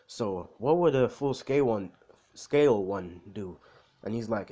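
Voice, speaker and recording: A man's voice: fairly low pitch, normal speed, dark tone. A man casually retelling a fan-made story, rambling with lots of fillers. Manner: rambling, full of "like" and "you know".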